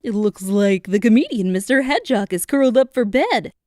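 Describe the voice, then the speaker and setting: A woman's voice: a little high, expressive, brisk, dark tone, no echo, studio quality, lightly acted. A woman voicing a cheerful male horse who is mayor and hosts a costume contest in a children's storybook. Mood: announcing. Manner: announcing, cheerful.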